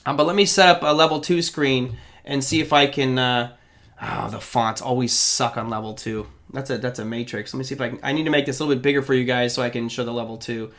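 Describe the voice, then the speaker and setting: A man's voice: medium pitch, fairly even intonation, quick pace, a bit bright. A man hosting a live trading stream, chatting loosely and answering viewers' questions from the chat as he goes. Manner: chatty, digressive, addresses chat directly. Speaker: host of a live trading show.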